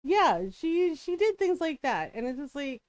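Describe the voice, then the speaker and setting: A woman's voice: sits high, sing-song, a little slow, darkish tone, no room sound. A middle-aged woman telling stories from home in a casual chat on her stream, laughing often and checking in with "right?". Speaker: streamer and mother.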